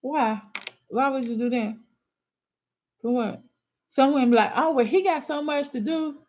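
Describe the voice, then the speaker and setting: A woman's voice: high-pitched, moderate pace, long pauses, darkish tone. A woman giving casual relationship advice to women, sassy, emphatic and colloquial, scolding her listeners. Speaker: relationship and astrology advice host. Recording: dull lo-fi recording.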